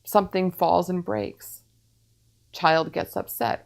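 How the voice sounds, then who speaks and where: Woman, medium, channeled spiritual teaching, strong vocal fry, measured repetitive delivery. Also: mid-range voice. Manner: measured, repetitive phrasing with calm pauses.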